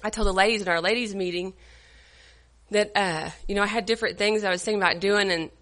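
A woman, leading a church devotional, tearful and halting, with many fillers. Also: medium pitch, fairly even intonation, fairly bright tone. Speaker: women's church group leader.

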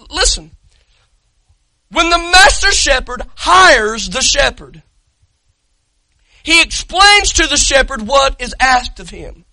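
A man preaching an impassioned sermon as pastor, telling a story dramatically and rising to shouts. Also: very high-pitched, no room sound, low-quality recording. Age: adult parent.

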